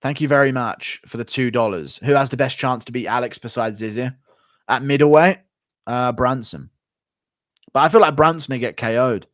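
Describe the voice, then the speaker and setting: A man's voice: medium pitch, a bit bright, no room sound, studio quality. A young man hosting a livestream, chatting casually, reading out donations and swearing freely as he rants. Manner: profane, ranting, quick to flare up. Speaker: livestream host.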